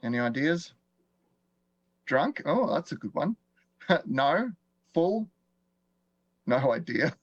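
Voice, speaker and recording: An Australian man teaching a live online class in a chatty, relaxed way, quizzing viewers and chuckling often. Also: a little high, slow, pauses often, dry recording. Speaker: online course instructor. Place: indoors at a desk with screens. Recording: dull, dry lo-fi stream audio.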